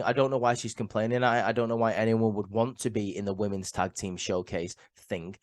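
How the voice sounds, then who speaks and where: A man's voice: lowish voice, a little fast, hardly any pauses, no room sound. A man who is ill and sniffling, giving a chatty, opinionated solo review full of "um" and "like" and repeated words. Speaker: wrestling show reviewer.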